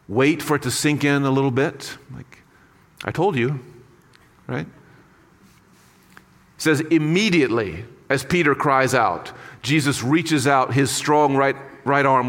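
Guy preaching a sermon, chatty and earnest, mid pitch, echoey hall. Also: a bit bright. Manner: earnest, conversational preaching with asides. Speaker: pastor.

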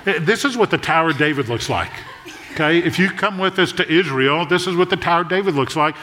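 A man in his sixties preaching a sermon, storytelling in a conversational way with jokes and quick asides. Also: fairly high pitch, lively intonation, sharp tone, slight background noise. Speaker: pastor. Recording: long echo of a large hall.

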